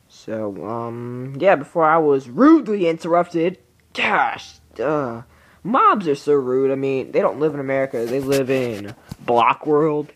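A slight hiss or hum sits under this somewhat bright male voice. It belongs to a teenage gaming creator whose voice is cracking with adolescence as he rambles goofily through relaxed gameplay commentary and breaks into silly, squeaky voices.

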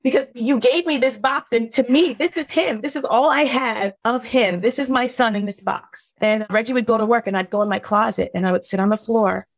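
A woman's voice: brisk, hardly any pauses, no room sound. Woman guest, emotional storyteller, earnest and intense, close dry sound. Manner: earnest, intense, voice rising high when upset. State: tearful at times. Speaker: podcast guest.

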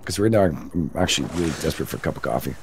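A jokey male streamer chatting through a co-op game, laughing often and talking to his viewers. His pitch swings widely. A steady background noise sits under the voice. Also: racing, vocal fry. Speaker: streamer and co-op player. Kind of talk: casual gaming chat.

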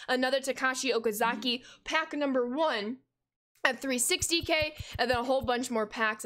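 High-voiced upbeat young woman streamer. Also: fairly bright tone. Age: 20s. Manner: upbeat, effusive thanks to viewers. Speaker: video game streamer. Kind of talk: live-stream chat and game commentary.

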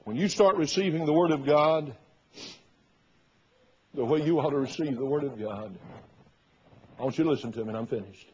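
Speaking at a moderate pace with frequent pauses, this preacher has a mid-range voice with a breathy edge. His sermon is built on storytelling, with quoted people acted out loudly, and the recording sounds dull and lo-fi.

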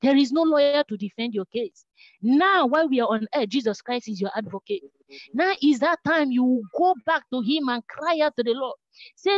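A woman's voice: a little high, lively intonation, a little fast, no room sound, dull audio. A woman preaching a sermon, earnest and repetitive, praying aloud between points.

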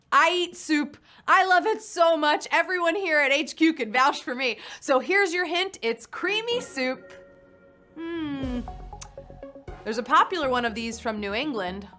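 A woman's voice: high-pitched, sharp tone. A young woman hosting a live quiz show, playful and punny, chatting with her players. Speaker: game show host. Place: studio in New York.

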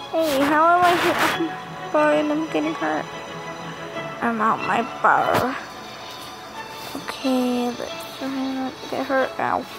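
A woman's voice: high-pitched, gravelly, low-quality recording. A woman giving playful commentary while gaming, giggling and making sound effects over game music. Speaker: gamer.

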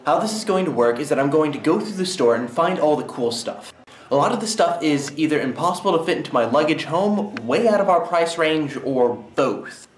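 A man's voice: a little high, animated, a little fast, echoey room. A young man in college, vlogging casually and narrating a voiceover with wry, jokey asides. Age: young adult.

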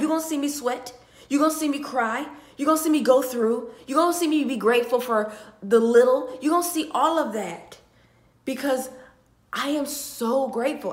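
Young woman vlogger, tearful and sighing, a little high-pitched, heartfelt and repetitive, phone camera in an echoey room. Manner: heartfelt, repetitive, swinging between hushed and loud. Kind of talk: emotional talk to camera. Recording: roomy echo.

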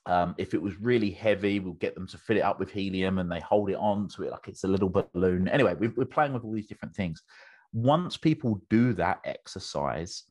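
A man's voice: deep voice, a little fast, darkish tone. A British man, a business coach, explaining a method with enthusiasm as an interview guest, often restarting his sentences.

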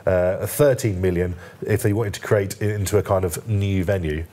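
Low-pitched and dark in tone, this male journalist talks at a normal pace with fairly even intonation. He's a guest on a TV newspaper review, and his studio remarks come haltingly, peppered with fillers and restarts and a light, joking touch.

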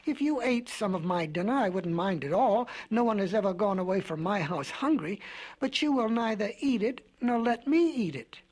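A man's voice: high-pitched, lively intonation. A man voicing a patient, sensible ox. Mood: reasoning. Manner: slow, reasonable, gently scolding. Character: patient, sensible, mild-mannered old ox. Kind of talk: storybook record character voice.

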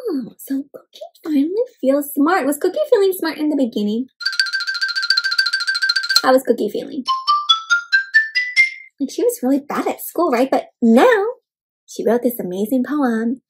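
A woman doing an interactive read-aloud of a picture book for children, animated, with gasps and questions to the listeners. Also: high voice, moderate pace, pauses often, faint music behind, rough recording. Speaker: children's storyteller.

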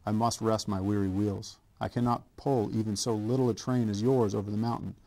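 A man voicing a tired, rusty old male engine in a storybook, speaking softly with sighs. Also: on the low side, steady tone, a little fast, close to an everyday voice. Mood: weary. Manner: soft, tired and sighing.

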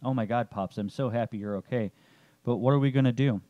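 A man's voice: medium pitch, a little fast, dark tone, no echo, highs cut off, lightly acted. A man voicing a nervous, earnest young man in a narrated story. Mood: worried. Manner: nervous, eager.

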